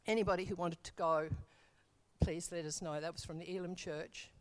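A woman's voice: lowish voice, steady tone, moderate pace. A middle-aged woman telling her church testimony in a casual, rambling way, full of fillers and self-corrections.

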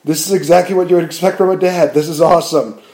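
Male podcast host, casual movie chat, warm, slightly raised voice, rambling delivery. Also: on the high side, fast. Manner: rambling, animated, with frequent fillers and restarts.

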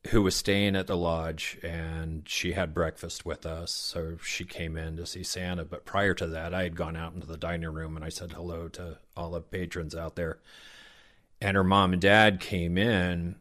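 A middle-aged man with a Southern American accent who works as Santa, telling stories in an interview and acting out the children's words. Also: low-pitched. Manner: warm, anecdotal, acts out children's words. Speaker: professional Santa Claus. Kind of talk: interview storytelling.

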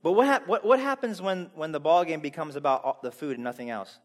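A man preaching a sermon in a casual, conversational way, putting rhetorical questions to the congregation and swinging between loud emphasis and quiet asides. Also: on the high side, quick pace.

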